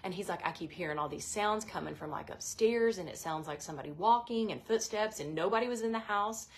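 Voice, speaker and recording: A woman's voice: medium pitch, fairly quick. A woman co-hosting a casual chat, retelling a spooky story with many fillers. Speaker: co-host.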